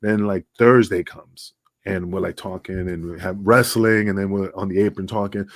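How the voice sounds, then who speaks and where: A middle-aged man, telling wrestling stories as a podcast guest and acting out the dialogue with a lively raised voice. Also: sits low, moderate pace, no echo, studio quality. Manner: animated, acts out dialogue with raised voice. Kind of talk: casual storytelling interview. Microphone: remote video call.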